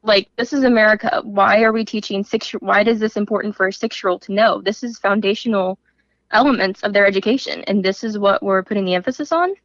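A woman's voice: medium pitch, brisk, fairly bright tone, no room sound. Woman reporter guest laying out her findings, kinda indignant, muffled dry line. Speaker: news correspondent. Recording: dry, dull remote audio.

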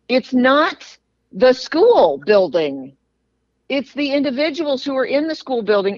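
A woman's voice: high-pitched, no echo. A woman, an education advocate and podcast guest, arguing emphatically with rhetorical questions. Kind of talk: opinionated interview answer. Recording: dry, dull remote audio.

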